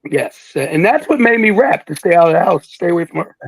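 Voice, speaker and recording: An older man tells stories as an interview guest, joking and breaking into impressions. His voice sits high and has a gravelly, husky edge. The sound is close and dry. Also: animated, fairly quick, no room sound, low-quality recording. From Philadelphia. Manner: jokey, laughs a lot, slips into impressions. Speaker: guest, veteran rapper. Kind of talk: casual interview chat.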